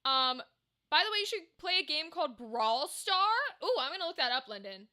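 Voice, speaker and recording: A young woman chats on a home live stream in a high, bright voice. She rambles, trails off and answers chat as it comes in. Her mic sits on a cluttered table in her room. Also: expressive, fairly quick. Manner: chatty, rambling, reacts to chat. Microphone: desk microphone.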